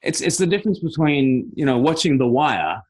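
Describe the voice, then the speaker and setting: A man who works as a pastor and evangelist, talking through ideas in a rambling, animated way and laughing often in a casual conversation. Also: mid-range voice, normal speed. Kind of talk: casual video-call conversation.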